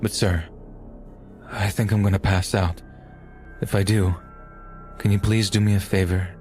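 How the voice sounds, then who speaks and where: A man voicing a badly injured twenty-year-old man, shaky, halting and pleading. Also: on the low side, level tone, darkish tone, faint music behind, close to an everyday voice. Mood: frightened.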